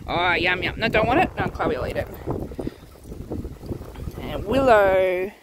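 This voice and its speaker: A woman's voice: on the low side, animated, a little slow, background noise. A woman at a dog daycare talking in a sing-song way to the dogs, praising them one by one, with a light Australian accent. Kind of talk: casual talk to dogs.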